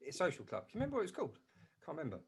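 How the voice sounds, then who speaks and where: A man's voice: on the high side, wildly swooping pitch, racing, a crowd in the background. A man co-hosting a podcast, chatting casually and trailing off as he searches for words. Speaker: podcast co-host. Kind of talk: casual chat.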